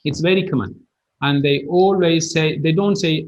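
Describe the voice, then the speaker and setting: A man's voice: a little high, moderate pace, a little mellow, dull audio. A man teaching English pronunciation in an online class, explaining with repeated example phrases.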